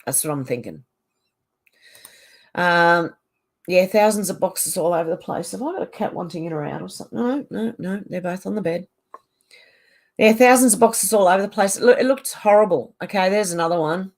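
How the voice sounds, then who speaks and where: A woman's voice: lowish voice, moderate pace, darkish tone. A middle-aged Australian woman chatting casually from her home on a livestream, reading out and answering viewer comments. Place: home on a mountain.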